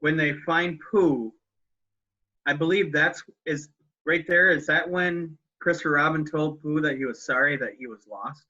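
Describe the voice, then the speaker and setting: A man's voice: fairly high pitch, a little slow, sharp tone, dull audio. A man co-hosting a podcast, chatting casually about a film and often acting out its lines in a raised voice. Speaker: podcast co-host.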